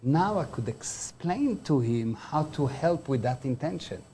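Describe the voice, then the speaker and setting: A man's voice: fairly high pitch, animated, a little slow, dark tone, slight background noise. A man giving a motivational talk. He explains words by defining them and backs each point with everyday examples. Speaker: motivational speaker.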